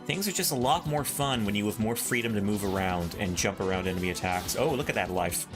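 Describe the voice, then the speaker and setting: A man casually comments on his own gameplay in a let's play, playful and jokey, talking to himself and hunting for puns. His voice is fairly low and a little fast, with game music in the background.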